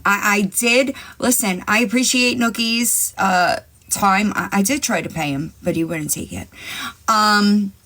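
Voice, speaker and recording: Woman live-streamer, mid pitch, foul-mouthed, taunting and rambling. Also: normal speed, bright, forceful tone. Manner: brash and profane, taunting; rambling, talks straight to chat. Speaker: livestream host. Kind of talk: casual live-stream chat. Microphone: phone.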